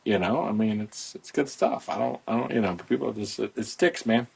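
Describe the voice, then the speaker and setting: A man's voice: on the low side, brisk, vocal fry, breathy edge. A middle-aged man hosting a casual podcast, talking outdoors into a phone in a rambling, folksy promotional way. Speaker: podcast host, boat club owner.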